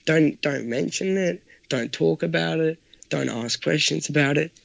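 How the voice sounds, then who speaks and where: A man's voice: on the high side, unhurried, gravelly, no echo, lo-fi sound. A young man telling a rambling, swear-heavy story in a casual, slangy way. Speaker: podcast guest telling a story.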